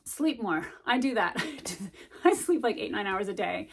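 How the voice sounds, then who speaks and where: A woman's voice: medium pitch, expressive, unhurried, creaky. A middle-aged woman chatting casually to camera as a vlogger, rambling with lots of ums and likes as she gives study tips.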